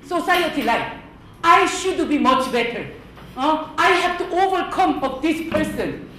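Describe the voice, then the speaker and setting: A middle-aged woman from Korea speaks English with a strong Korean accent, teaching a class in a forceful, scolding way. Her voice sits high and swings widely. The sound bounces around a very reverberant hall with a faint hiss underneath. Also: animated, unhurried. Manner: emphatic, scolding, asks the class questions. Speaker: workplace culture teacher. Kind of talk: lecturing a class. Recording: very echoey hall with faint noise.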